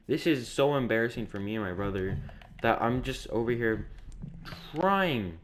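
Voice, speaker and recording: A man's voice: mid-range voice, expressive, normal speed. A young man telling a story in a casual, rambling, repetitive way, sounding exasperated. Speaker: vlogger.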